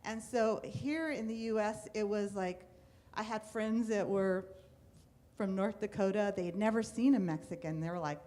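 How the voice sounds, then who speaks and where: A middle-aged woman from the United States tells her own story to an audience in a live talk. She speaks in an animated way, slipping into the voices of the people she quotes. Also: medium pitch, moderate pace.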